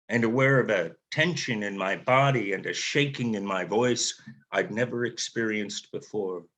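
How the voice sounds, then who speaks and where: Author reading his own memoir, unhurried, reflective narration. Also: medium pitch, fairly bright tone. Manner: measured, reflective storytelling.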